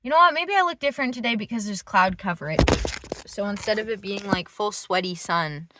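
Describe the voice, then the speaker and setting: A woman's voice: medium pitch, animated, fairly quick, very noisy. A young woman chatting casually on a livestream, rambling from one thought to the next, laughing often and swearing freely.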